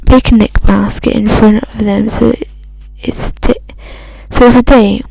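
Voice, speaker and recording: A woman's voice: mid-range voice, steady tone, vocal fry, dark tone, dry recording, low-quality recording. A woman reading a fan story aloud, stumbling and restarting often. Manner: halting reading with frequent restarts. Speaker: fan fiction reader.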